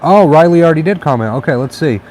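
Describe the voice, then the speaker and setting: A man hosting a casual live stream, chatting in a relaxed, encouraging way and reading viewer comments aloud. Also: fairly high pitch, quick pace, a little hiss or hum. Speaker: livestream host.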